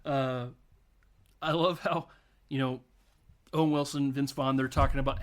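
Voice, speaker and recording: A man's voice: mid-range voice, level tone, normal speed, long pauses. A man hosting a podcast, loosely retelling a comedy film with profanity, frequent laughter and acted-out quotes. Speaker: podcast host. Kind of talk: casual film recap chat.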